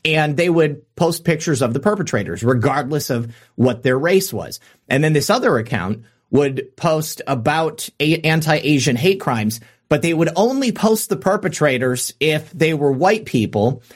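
A man's voice: on the high side, expressive. A man co-hosting a talk show, chatting casually about politics, with frequent fillers and restarts. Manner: halting, many restarts and fillers.

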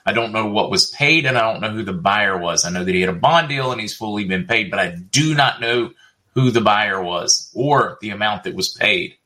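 A man's voice: on the low side, lively intonation, moderate pace, bright, forceful tone. A middle-aged man hosting a casual livestream, chatting and reading viewer comments aloud with frequent laughs. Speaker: livestream host.

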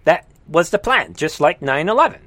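Man, political commentary host, emphatic, sarcastic, slightly high voice, dry close sound. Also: very animated, moderate pace, dry recording. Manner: emphatic, sarcastic, jumps between loud exclamations and muttering. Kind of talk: live-streamed political commentary.

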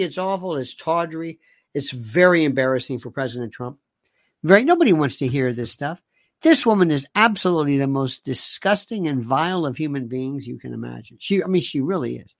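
A man's voice: sits high, vocal fry, fairly bright tone. A man hosting a political commentary show, talking emphatically and repeating his points. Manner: emphatic, repetitive, hammering points home. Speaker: talk show host.

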